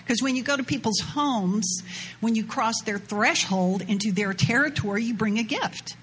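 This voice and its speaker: A woman's voice: medium pitch, fairly quick, a little hiss or hum. A woman preaching a casual sermon, retelling a scripture story in a chatty way with slang asides. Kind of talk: informal sermon with scripture reading.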